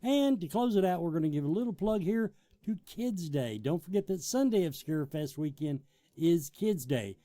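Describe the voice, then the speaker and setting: On his interview show, a man with a slightly high but dark-toned voice talks at a normal pace, sounding animated. This host banters with his guest and reads event promos, and the recording has no room sound.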